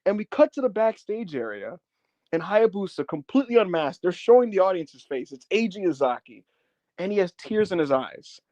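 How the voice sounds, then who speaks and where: A man's voice: sits high, sing-song, normal speed, a little mellow, dry recording. A man co-hosting a casual podcast, telling a wrestling story with feeling, swearing and acting out the quotes. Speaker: podcast co-host.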